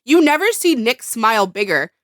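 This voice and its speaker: A woman's voice: fairly high pitch, big pitch swings, normal speed, a bit bright, no echo, clean studio sound. A woman co-hosting a podcast in casual chat, blunt and emphatic, swearing freely. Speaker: podcast co-host.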